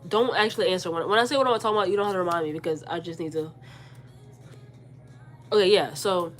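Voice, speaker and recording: Animated young woman ranting. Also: on the low side, fast talker, soft background music. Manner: animated, incredulous, argumentative. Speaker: vlogger. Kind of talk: casual storytime rant.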